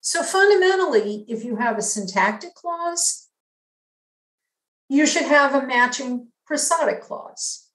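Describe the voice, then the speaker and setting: A woman with a New York accent giving an academic lecture in a measured, explanatory way, stressing key terms. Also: high-pitched, animated, fairly bright tone, reverberant, poor audio.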